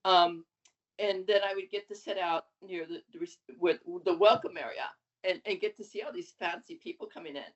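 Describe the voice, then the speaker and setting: A woman in her seventies, a guest on an interview podcast, telling her story in a lively, animated way. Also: on the low side, fairly quick. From USA. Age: 70s. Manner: lively, animated storytelling with laughs and acted quotes. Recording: dull lo-fi audio.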